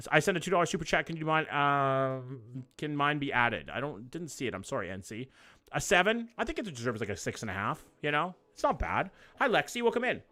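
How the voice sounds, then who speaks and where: A young Canadian man hosts a live reaction stream, his medium-pitched voice pushed and bright. He chats loosely with viewers, swearing and joking as he reacts to what he sees.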